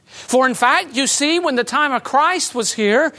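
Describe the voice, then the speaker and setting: A woman preaching a sermon in a conversational way, with light humor and emphatic swings between loud and soft. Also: sits high, lively intonation, a little slow.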